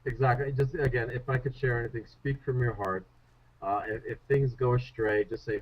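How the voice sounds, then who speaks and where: A man of middle pitch talks as a guest on a radio show, coaching listeners on public speaking. He tells stories in an animated, self-deprecating way, often laughing at himself. The sound is slightly muffled, like broadcast audio. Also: moderate pace. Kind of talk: conversational radio interview.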